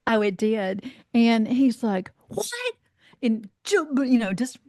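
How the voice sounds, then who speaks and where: A woman's voice: on the high side, slow pace, no room sound. Storytelling woman from North Carolina, dry sound. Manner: lively anecdote-telling, acts out quoted voices, frequent "you know", swears freely. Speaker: guest, life coach. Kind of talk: casual storytelling in a podcast interview.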